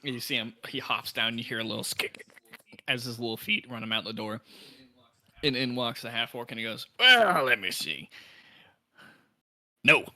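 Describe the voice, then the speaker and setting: Bright-voiced man running a tabletop game. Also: mid-range voice, level tone, a little fast. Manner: playful, laughing narration. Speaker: game master.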